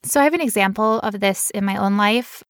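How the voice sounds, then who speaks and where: A woman's voice: mid-range voice, a little fast, dry recording, studio quality. A woman telling a personal story in casual chat, candid and emotional, now and then putting on playful voices.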